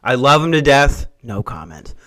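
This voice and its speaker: A man's voice: medium pitch, sing-song, moderate pace, sharp tone. A young man hosting a podcast, rambling through casual, profane, jokey stories. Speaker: podcast host.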